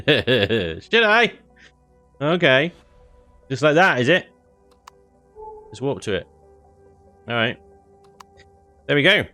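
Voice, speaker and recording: His voice on the low side and a bit bright, a game streamer gives laid-back commentary on a space game, wandering off topic and laughing a lot.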